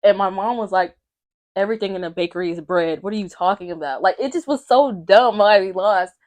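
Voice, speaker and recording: A young woman from Atlanta, a podcast guest telling a family story in a lively way and acting out the voices of her relatives. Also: mid-range voice, brisk, background noise. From Atlanta, Georgia. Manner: animated, acts out family members' voices. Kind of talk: casual storytelling.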